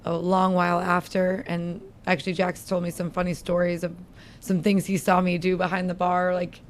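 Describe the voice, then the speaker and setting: A candid, chatty woman with a lowish voice talks about her work in a relaxed sit-down interview. She laughs easily and keeps an easygoing tone, and there's a faint hiss under the recording. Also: moderate pace. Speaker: bar beverage director. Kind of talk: casual interview chat. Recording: faint background noise.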